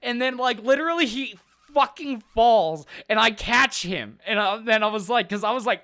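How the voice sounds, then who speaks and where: A man's voice: high-pitched, normal speed, no echo, studio quality. A young man co-hosting a casual podcast, swearing often and acting out quotes as he tells stories. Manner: profane, animated storytelling with loud acted-out quotes. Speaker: podcast co-host. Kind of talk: casual chat.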